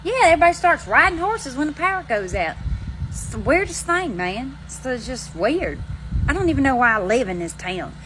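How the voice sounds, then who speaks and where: Bright-voiced Southern woman rambling. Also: sits high, sing-song, moderate pace, a little hiss or hum, poor audio. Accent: Alabama Southern. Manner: rambling, folksy, country slang. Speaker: vlogger. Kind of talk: casual chat to camera. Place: outdoors on front steps.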